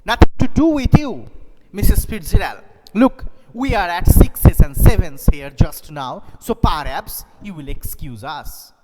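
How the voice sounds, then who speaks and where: A man's voice: on the high side, expressive, a little slow, few pauses, voice pushed up. A man reading as an angry husband. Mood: curt. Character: angry put-upon middle-aged husband. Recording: echoey hall, faint noise.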